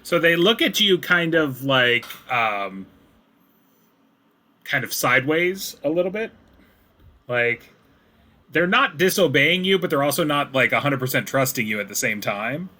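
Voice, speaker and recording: Bright-voiced man running a tabletop game. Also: medium pitch, expressive, unhurried, long pauses. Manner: casual, rambling descriptions. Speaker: game master.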